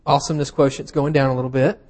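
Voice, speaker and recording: A man delivers a sermon in an informal, talky style, his voice sitting at an ordinary middle pitch. He slips wry, self-deprecating jokes in between scripture points and pads his phrases with easy fillers. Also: little pitch movement, rapid-fire, darkish tone. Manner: casual and self-deprecating, with humorous asides and frequent fillers. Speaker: preacher. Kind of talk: conversational sermon.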